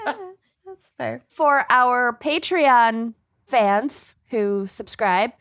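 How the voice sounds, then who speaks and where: A woman co-hosts a casual podcast with friends. Her voice sits a little high, and she talks slowly in a self-deprecating, joking way. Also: animated, fairly bright tone, no room sound, clean studio sound. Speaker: podcast co-host. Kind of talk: casual chat.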